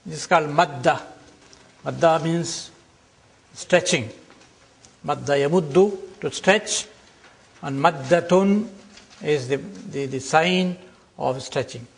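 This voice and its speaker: An older man teaching a classroom lecture, explaining slowly and deliberately and drawing out example words. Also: fairly high pitch, vocal fry.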